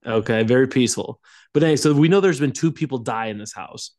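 A man's voice: mid-range voice, fast, a little mellow, no room sound, clean studio sound. A young man co-hosting a podcast, telling a story in a rambling way with frequent laughs. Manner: rambling, laughing storyteller who acts out quotes. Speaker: podcast co-host. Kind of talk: casual storytelling chat.

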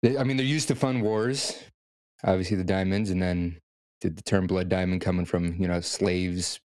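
A man's voice: low-pitched, fairly even intonation, normal speed, a little mellow, clear, resonant tone, no room sound, studio quality. A man co-hosting a podcast in casual, laid-back chat. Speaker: podcast co-host.

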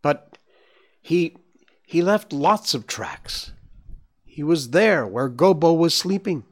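A man voicing a weary, grieving mother deer in a storybook reading, speaking quietly and mournfully. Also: a little high, sing-song, takes it slowly, pitched above the performer's own voice, heavily acted. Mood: anxious.

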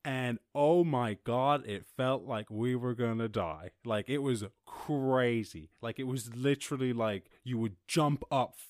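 A man hosting a podcast, telling a rambling, animated story in a casual monologue. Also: measured pace, few pauses, no echo, clean studio sound. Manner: rambling, animated, mimics others in high voices. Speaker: podcast host.

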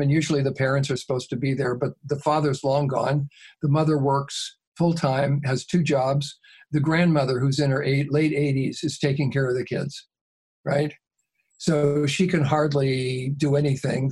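Husky-voiced man telling a story calmly. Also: mid-range voice. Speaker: mediator and interview guest. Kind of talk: storytelling in a conversational interview.

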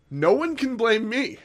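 Lively man chuckling through a story. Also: very high-pitched, slow pace. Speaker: podcast guest. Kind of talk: casual chat.

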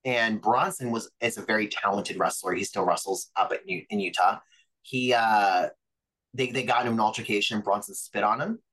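A man's voice: lowish voice, normal speed, pushed and bright, poor audio. A man, a pro wrestler guest, telling stories from his career in a chatty way, full of fillers and acted-out quotes. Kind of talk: casual storytelling interview.

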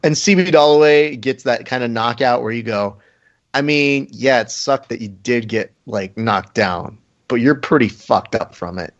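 A man's voice: medium pitch, normal speed, highs cut off. A man hosting a casual podcast chat, joking and riffing with his co-hosts. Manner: jokey, riffing with bits. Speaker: podcast host.

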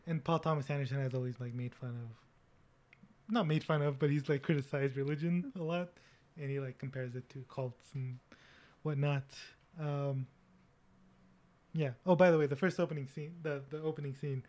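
A young man hosting a casual film discussion, relaxed and laughing easily, with many fillers. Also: on the high side, normal speed. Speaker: discussion host.

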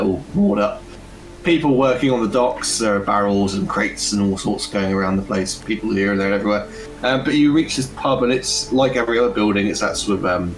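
A man narrating a tabletop game as game master, rambling and self-correcting with many fillers. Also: lowish voice.

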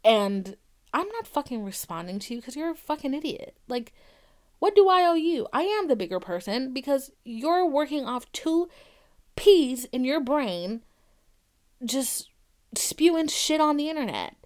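Young woman podcast host, fairly high voice, blunt and foul-mouthed, animated storytelling. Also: measured pace. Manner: blunt, profane and animated, acting out quoted arguments. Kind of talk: candid podcast talk.

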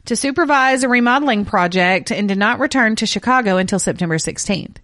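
A woman's voice: fairly high pitch, expressive, a little fast, a bit bright, no echo, studio quality. A woman hosting a true crime podcast, reading case details and breaking off into blunt, profane asides. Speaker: podcast co-host telling the case.

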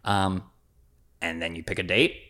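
A young man, a guest on a podcast, telling animated stories about his work and acting out the dialogue. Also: sits low, measured pace. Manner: animated storyteller, acts out dialogue in voices. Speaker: guest, videographer and producer. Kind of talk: casual podcast conversation.

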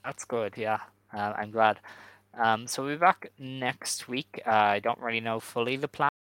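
A man hosting a casual podcast chat, talking in a relaxed, hedging way with lots of fillers. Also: medium pitch, normal speed, clear, resonant tone, dry recording, poor audio. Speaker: podcast host.

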